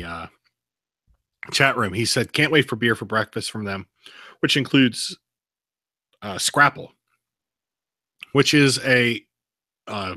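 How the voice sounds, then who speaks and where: A man rambles through a casual beer review, swearing as he goes. His voice is bright and forceful, and it sits close and dry on the mic. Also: mid-range voice, dry recording. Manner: loose, profane, rambling. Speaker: podcast co-host.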